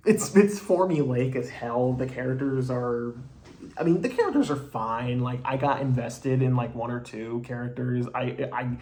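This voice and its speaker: A man's voice: medium pitch, darkish tone. A man giving a casual, rambling movie review, talking bluntly with plenty of "you know" and "like" and the odd swear word.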